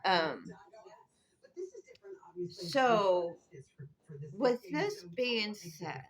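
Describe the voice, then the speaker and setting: Slow, rambling woman storyteller. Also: mid-range voice, big pitch swings, a crowd in the background, rough recording. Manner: rambling, conversational, drifts off track. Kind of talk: casual spoken storytelling.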